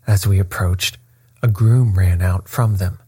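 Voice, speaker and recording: A man narrating a first-person story aloud in a measured, unhurried reading. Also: low voice, fairly even intonation, warm tone, slightly rough, no echo, studio quality. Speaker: audiobook narrator.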